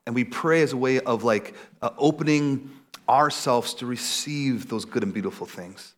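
A man in his thirties preaching a casual, animated sermon, acting out little quotes. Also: normal speed. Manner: animated, acts out quotes in a high voice. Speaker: pastor.

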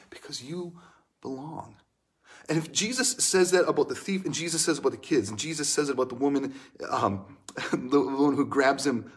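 Young male pastor, mid-pitched voice, earnest and emotional delivery that swings from hushed to raised. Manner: earnest, emotional, shifts between soft hushed lines and raised bursts. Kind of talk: sermon.

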